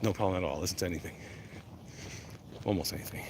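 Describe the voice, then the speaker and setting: A man's voice: fairly low pitch, very animated, normal speed, long pauses, breathy edge. A man chatting casually while walking outdoors in the cold, rambling and reading out viewer comments as he goes. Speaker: vlogger answering live chat. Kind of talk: casual walk-and-talk livestream chat.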